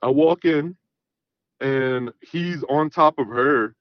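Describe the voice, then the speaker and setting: A man's voice: mid-range voice, slow pace, dry recording. A man telling a long personal story in casual, rambling talk, full of swearing and "I'm like" asides. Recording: dull lo-fi sound.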